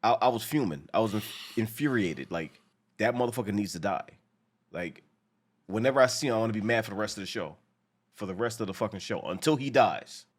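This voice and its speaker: A man co-hosting a casual show reaction, talking in a profane, animated way and acting out lines from the episode. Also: fairly low pitch, brisk.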